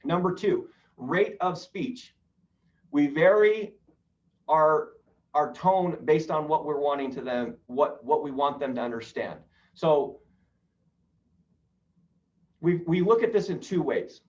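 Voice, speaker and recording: Guy teaching a sales training class, kinda high voice, sounds far off on a muffled lo-fi line. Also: animated, slow pace, long pauses. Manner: instructive, asks the group questions and answers them himself. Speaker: real estate sales trainer. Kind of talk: live training talk on rapport. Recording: distant, dull lo-fi sound.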